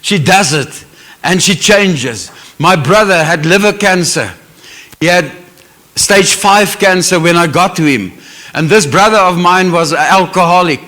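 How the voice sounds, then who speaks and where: A man's voice: high-pitched, unhurried, sharp tone. A man with a South African English accent preaching a sermon as pastor, earnest and emotional, with Afrikaans phrases mixed in.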